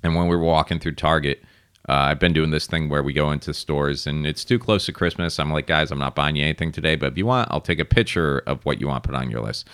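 A man in his thirties, co-hosting a podcast in casual chat and telling animated stories. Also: fast, clear, resonant tone, dry recording, clean studio sound. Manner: animated storytelling, mimics people in high voices. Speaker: podcast co-host.

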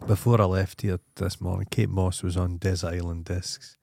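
A man's voice: low voice, level tone, normal speed, creaky, a little mellow, slight background noise. A Scottish man co-hosting a podcast, telling crude stories in a blunt, sweary way. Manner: blunt, sweary, jokey storyteller. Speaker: podcast co-host. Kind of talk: crude casual chat.

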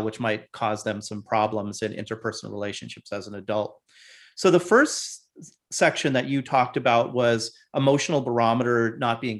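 A man hosts an interview in a friendly, affirming way. He sets up long, detailed questions for his guest. His voice sits at an ordinary middle pitch. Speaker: interview host.

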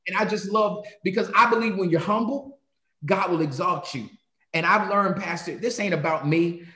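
This pastor from North Carolina talks in a high, ringing voice and tells stories with a preacher's rhythm. He sounds like he's in a roomy space with a lot of echo. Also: moderate pace. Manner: animated storyteller, shifts into sermon cadence. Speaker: pastor, guest. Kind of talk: conversational interview, preacherly.

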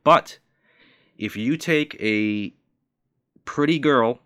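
A man's voice: mid-range voice, very slow, sharp tone, smooth, no room sound, studio quality. A man in his forties, a bartender, ranting in a profane, indignant and mocking way. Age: 40s. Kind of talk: ranting monologue.

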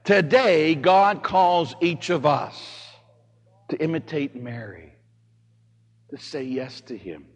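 Animated priest preaching in a reverberant hall. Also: male voice, on the high side, slow. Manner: animated storytelling, swings from hushed to shouting. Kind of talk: homily.

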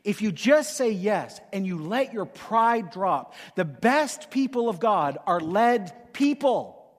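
A man's voice: high voice, sing-song, slow, big-room sound. A male pastor preaching with emphatic repetition and playful acted asides in a sermon.

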